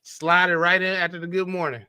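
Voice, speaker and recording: Bright-voiced man in his thirties, laughing often. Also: sits high, little pitch movement, fairly quick, clear, resonant tone, no echo. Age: 30s. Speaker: podcast co-host. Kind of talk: casual chat.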